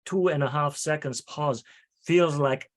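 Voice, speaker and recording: Animated man hosting an interview chat. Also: a little high, measured pace. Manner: animated, repeats words when starting. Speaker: host.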